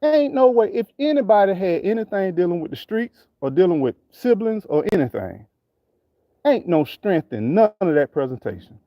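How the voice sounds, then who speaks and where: Fired-up man ranting, high and lively. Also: moderate pace, dry recording, lo-fi sound. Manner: preachy, repetitive, street slang. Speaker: channel host. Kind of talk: impassioned commentary.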